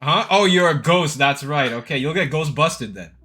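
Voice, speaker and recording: A man's voice: on the high side, lively intonation, moderate pace, sharp tone. A man, co-hosting a podcast in casual chat, joking around with mock threats and frequent laughter. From Canada. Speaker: podcast co-host.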